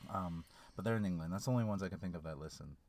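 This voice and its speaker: A man's voice: low voice, very fast, a little mellow. A young man hosting a casual podcast from inside a car, teasing his co-host and rambling with restarts. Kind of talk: casual banter in a parked car.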